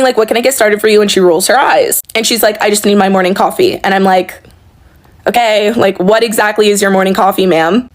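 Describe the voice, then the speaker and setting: A woman recounts a work story in a casual, sarcastic tone. Her voice sits at an ordinary middle pitch, and she swears freely as she builds to the punchline. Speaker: service worker.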